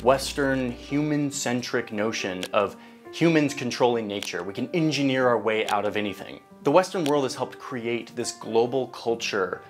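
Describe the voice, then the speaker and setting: A woman's voice: rumbling low, moderate pace. A woman host giving a casual, jokey educational narration with chatty asides. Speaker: video essay host. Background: background music.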